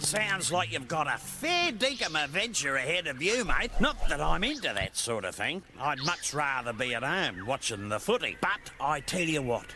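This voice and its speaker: Murray, an Australian bilby. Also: male voice, fairly high pitch, big pitch swings, moderate pace, few pauses, sharp tone, a little hiss or hum, exaggerated voice. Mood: friendly. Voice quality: broad, folksy slang. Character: chatty male bilby sidekick, easygoing.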